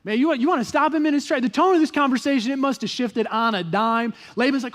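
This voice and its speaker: A young adult man preaching a sermon at a church, telling the story with animated delivery and acting out the people's voices. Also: very high-pitched, fast, hardly any pauses. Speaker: pastor. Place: church stage.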